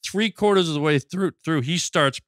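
A man telling a long story on a podcast, animated and full of stammered restarts. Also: a little high, normal speed, no room sound, clean studio sound. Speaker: podcast guest. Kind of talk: storytelling in casual chat.

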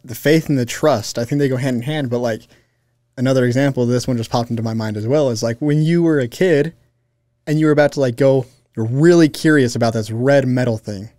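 A man with a dark, mellow voice who talks in a casual, storytelling way. He keeps slipping into quick acted-out quotes as he speaks. The recording is close and dry. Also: no echo. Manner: animated storyteller, jumps into high mimicking voices. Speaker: podcast co-host. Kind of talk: casual spiritual chat.

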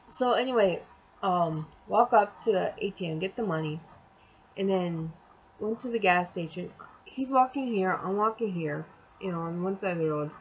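A young woman tells her story to the camera in a loose, rambling way, exasperated and quick to act out what was said. Her voice sits in a middle range. The recording is a little dull, with faint hiss behind it. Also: medium pitch. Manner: rambling and exasperated, acts out quotes. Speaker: vlogger. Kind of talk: storytime vlog, casual chat.

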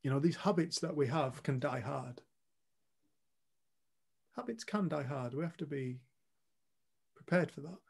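A man's voice: fairly high pitch, unhurried, vocal fry, pauses often, a little mellow, slightly rough. A man co-hosting a retreat, telling a story to a group in a blunt, earnest way and swearing casually. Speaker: retreat co-host. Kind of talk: candid storytelling talk to a group.

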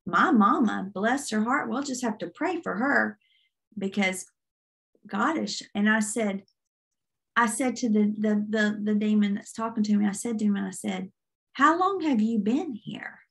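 A woman's voice: mid-range voice, unhurried, creaky. A woman minister giving an earnest testimony, retelling a dream vividly in a sermon. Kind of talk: sermon storytelling.

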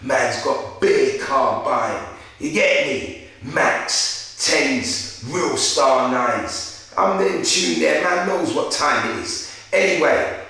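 Young London man, interviewer, animated street storyteller; bright voice, heard from a distance. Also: mid-range voice, slow pace. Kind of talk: casual storytelling. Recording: very echoey room, far from mic.

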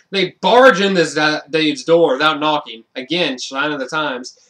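A man's voice: a little high, takes it slowly, pushed and bright. A man giving a casual, rambling film review, with lots of fillers and restarts and frequent amused laughs.

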